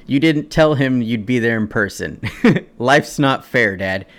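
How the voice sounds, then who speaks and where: Indignant podcast host ranting casually. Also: male voice, mid-range voice, expressive, slow, a bit bright. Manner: indignant, swearing, mocking voices in quotes. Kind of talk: casual podcast chat reading forum posts.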